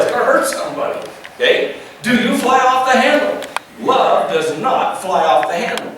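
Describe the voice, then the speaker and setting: A male pastor preaching a lively sermon, asking the congregation questions and acting out the voices he quotes. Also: a little high. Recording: echoey room, mic at a distance, faint background noise.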